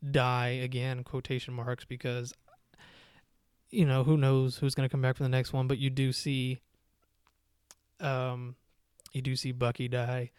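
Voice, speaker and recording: Smooth-voiced man reviewing a movie. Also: mid-range voice, a little mellow, no echo, studio quality. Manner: rambling, many fillers and restarts. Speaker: podcast host.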